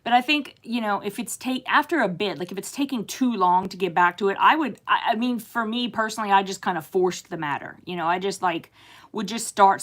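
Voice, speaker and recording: A middle-aged woman from the United States hosting a casual live stream, chatting with viewers and reading their comments aloud, with frequent laughs and fillers. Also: medium pitch. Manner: chatty, warm-hearted, laughs often, many fillers. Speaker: host reading live chat.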